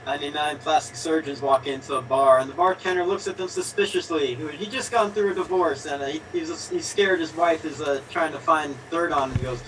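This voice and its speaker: A man telling improv jokes in a lively way, lifting his voice for the quoted lines. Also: fairly high pitch, fairly quick, few pauses. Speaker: improv performer. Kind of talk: casual joke telling. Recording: distant mic with clear background noise.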